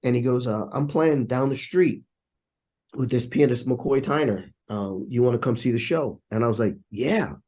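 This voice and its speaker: Male interview guest, animated storyteller, mid-pitched, voices the people in his anecdotes. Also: moderate pace.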